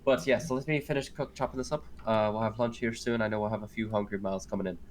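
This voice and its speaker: In tabletop role-play, a game master voices a motherly, joking woman cook with a put-on Scottish accent. His mid-range voice is fast and fairly even, close to everyday speech, with slight background noise; he's chatty and teasing, full of fillers and self-corrections.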